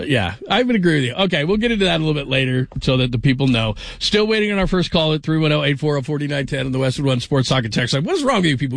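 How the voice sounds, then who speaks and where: A man's voice: a little high, a bit bright, no room sound, studio quality. Joking, rambling male radio host. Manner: joking, rambling storyteller with frequent restarts. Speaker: sports radio fill-in host. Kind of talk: casual sports radio chat.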